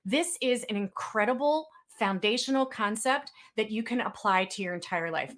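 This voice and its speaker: A woman's voice: fairly high pitch, fairly bright tone. Chatty woman giving a webinar talk. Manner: chatty storytelling, acts out quoted exchanges. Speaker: webinar speaker. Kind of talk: webinar presentation.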